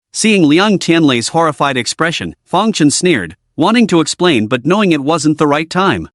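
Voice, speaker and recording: A man reading a scripted story recap in a steady storytelling manner. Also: on the high side, no echo, studio quality. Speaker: recap narrator.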